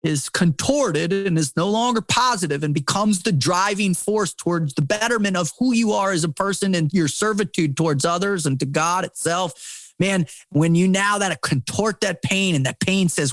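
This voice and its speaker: A man's voice: high-pitched, normal speed, fairly bright tone, no echo. A middle-aged man, a podcast guest and former Navy SEAL, talking in an intense, preachy way with lots of swearing, repeated words and "man.". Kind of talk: impassioned casual conversation.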